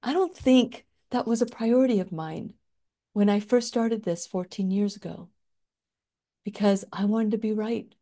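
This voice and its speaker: Heartfelt woman radio host, mellow voice. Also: medium pitch, unhurried. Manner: heartfelt, emotional, with restarts and small laughs. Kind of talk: reflective solo talk.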